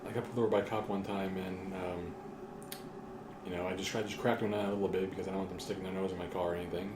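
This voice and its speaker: A man's voice: low-pitched, flat delivery, very fast. A man chatting casually as a podcast co-host, blunt and swearing freely. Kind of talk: casual chat. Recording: echoey room with clear background noise.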